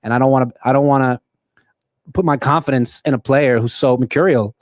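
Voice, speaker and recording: A man putting on a celebrity actor impression while making sports betting picks, with drawn-out, halting phrasing. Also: medium pitch, fairly even intonation, dry recording, lightly acted. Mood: deadpan.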